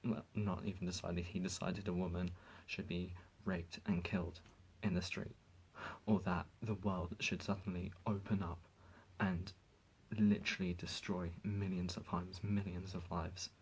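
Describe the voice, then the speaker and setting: A man's voice: low voice, little pitch movement, unhurried, slightly rough, rough recording. A man vlogging to his viewers, speaking in an impassioned, indignant rant that halts and restarts as he gets emotional. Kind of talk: emotional talk to camera.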